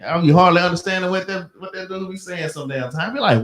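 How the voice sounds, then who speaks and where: A man with a Southern US accent leads a religious class in an easy, slangy way, drifting into work stories. His voice sits high for a man. He laughs along as he talks. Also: quick pace, fairly bright tone. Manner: loose storytelling with slang and laughs. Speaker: class leader. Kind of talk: casual teaching chat.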